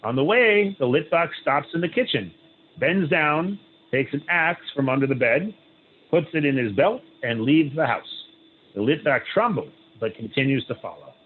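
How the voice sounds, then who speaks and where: A rabbi who reads a story aloud with pauses, adding "right?" asides and leading a group discussion. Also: male voice, fairly high pitch, lively intonation. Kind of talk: reading a story aloud, then opening discussion. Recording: tinny phone-like line, faint hiss.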